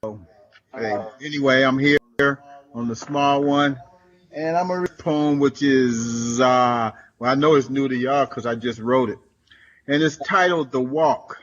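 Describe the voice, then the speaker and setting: A man's voice: medium pitch, a little slow, lo-fi sound. A man at an open mic who chats casually about computer trouble, then reads his own poems. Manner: casual and chatty before reading. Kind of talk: poetry reading.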